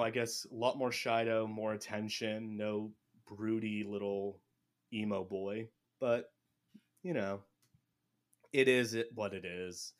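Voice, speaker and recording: A man hosting a casual book podcast, recapping chapters and acting out the characters' lines. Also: lowish voice. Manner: animated, acts out characters' lines. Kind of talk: casual chat.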